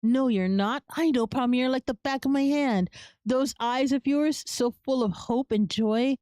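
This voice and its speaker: A woman's voice: sits high, measured pace, mellow, no room sound. A woman voicing Mister Dietrich, a greedy scheming male sorcerer-shopkeeper who threatens and curses, from a game. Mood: furious. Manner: smug, threatening, cursing.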